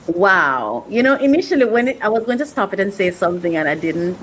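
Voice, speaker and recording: A woman's voice: medium pitch, big pitch swings, a little fast, few pauses, slight background noise, low-quality recording. A woman hosting a podcast, talking earnestly and reflectively, often repeating herself and getting emotional. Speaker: podcast host.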